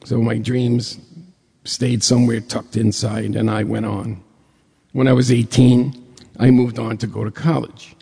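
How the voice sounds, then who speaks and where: A man from New York State telling a personal story to an audience in a lively way, acting out the dialogue as he goes. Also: medium pitch, a little slow, vocal fry, slightly rough, in a large hall.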